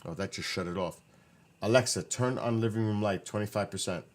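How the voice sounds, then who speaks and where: This fairly low-pitched man talks fairly quickly, chatting loosely with his livestream audience from the living room. Worn out and losing his voice, he wanders between topics, fixes his own slips, and addresses the chat directly.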